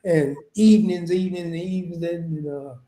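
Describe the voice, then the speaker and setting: This podcast guest from small-town Arkansas spins a laughing, rambling story in a relaxed storytelling conversation. He has a fairly high, warm voice with fairly even intonation at a normal speed, recorded in an echoey room.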